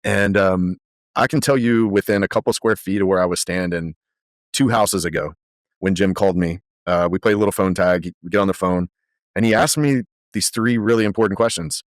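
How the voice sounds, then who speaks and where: A man guesting on a podcast, telling animated stories full of fillers in a conversational way. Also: low-pitched, a little fast, dry recording, clean studio sound. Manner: animated, lively storyteller with frequent fillers. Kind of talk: conversational storytelling.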